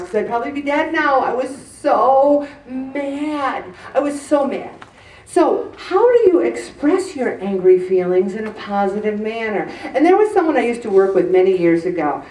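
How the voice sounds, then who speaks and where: A woman giving an animated, joking, self-deprecating faith talk to a group. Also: on the high side. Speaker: speaker addressing a group. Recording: echoey room, mic at a distance.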